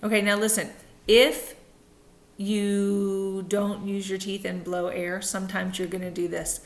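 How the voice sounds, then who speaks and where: A woman giving a speech therapy lesson to children, upbeat and slow, modeling each sound clearly. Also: mid-range voice, monotone, roomy sound.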